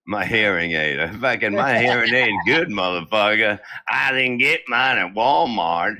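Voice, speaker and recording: A man's voice: on the low side, animated, unhurried, sharp tone. A man in his seventies hosting from home, telling crude comic stories full of swearing. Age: 70s. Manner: crude, brash, swears constantly. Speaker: comedy podcast host. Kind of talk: profane comic storytelling.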